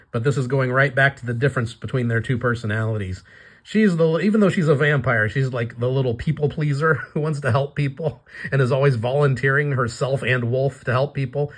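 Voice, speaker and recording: A man's voice: medium pitch, a little fast. A man casually commenting on his own comic, chatty and prone to laughing as he explains it. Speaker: comic artist and creator.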